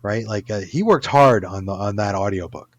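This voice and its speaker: A man's voice: on the low side, normal speed, no echo. A man, an author, talking casually in an interview, rambling with many restarts and fillers. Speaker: author guest.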